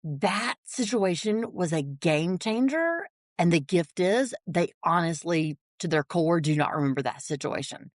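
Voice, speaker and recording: A woman, a podcast guest telling a personal story, animated and quick to laugh. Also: lowish voice, no room sound, studio quality. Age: 40s. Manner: animated storyteller, acts out family voices, laughs often.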